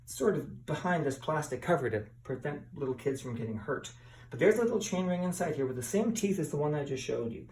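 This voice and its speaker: A man's voice: on the high side, expressive, fairly quick, a little mellow, distant mic. A middle-aged man teaching a lesson with a bike demonstration, chatty and playful, asking his class questions. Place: indoor room with bikes. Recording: echoey room, voice from afar.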